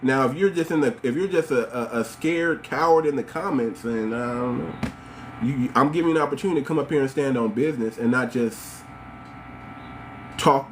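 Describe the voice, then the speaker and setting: Livestream host, man, sardonic rhetorical rant, voice pitched a bit high, faint noise behind. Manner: mocking, rhetorical, preachy. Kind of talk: livestream commentary talking to viewers.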